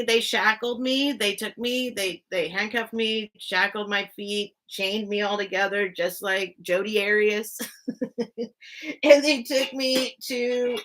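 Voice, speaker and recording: A woman with a medium-pitched, slightly bright voice hosts a live sale stream. She casually tells her chat a personal story, saying "like" constantly and greeting viewers by name.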